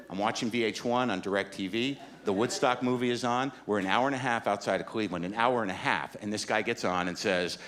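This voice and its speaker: A middle-aged man doing stand-up comedy, telling a story with incredulous, animated rants and rhetorical questions on a club stage. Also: medium pitch. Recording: echoey club, loud audience noise.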